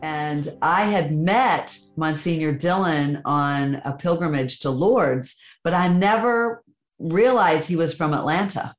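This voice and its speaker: A woman hosting a podcast, speaking softly and measured as she reflects and converses. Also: deep voice, reverberant, faint music behind. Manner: soft and measured, at times tearful in the retelling. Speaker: podcast host.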